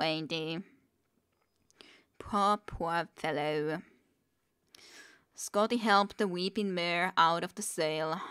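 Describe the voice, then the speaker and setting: A woman streamer slowly reading a book aloud, with wry asides between passages. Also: fairly low pitch, fairly bright tone, smooth. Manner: unhurried, wry side comments between passages.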